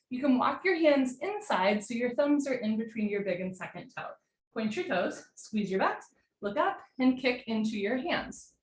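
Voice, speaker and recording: A young woman teaching a live yoga class, giving brisk step-by-step cues and getting breathy as she does the poses along with the class. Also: on the high side. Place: room at home, live video call. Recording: roomy sound from far off the mic, faint hiss.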